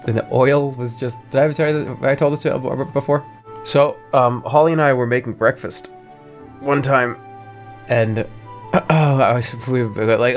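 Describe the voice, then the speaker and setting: A man in his thirties chatting casually on a livestream, telling rambling stories and breaking into sudden yelps. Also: mid-range voice. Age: 30s. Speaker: streamer.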